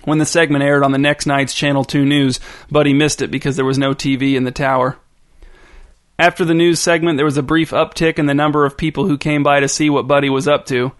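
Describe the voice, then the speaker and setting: A man's voice: a little high, flat delivery, fairly quick. A man reading a story aloud as narrator in a dry, wry manner.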